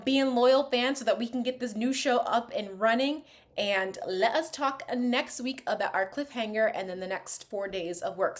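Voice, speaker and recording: A young adult woman chatting casually in a reaction vlog, animated, laughing often and dropping into quiet asides. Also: on the high side. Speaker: vlogger reviewing a TV show.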